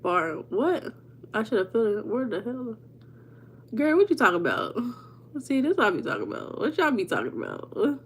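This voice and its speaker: A woman hosting a casual livestream. She chats with viewers by name, laughs often and slips into a relaxed teaching talk. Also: on the high side, moderate pace, a little hiss or hum. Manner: chatty, reads out viewers' names and answers them. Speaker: livestream host. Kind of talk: informal teaching on mindset.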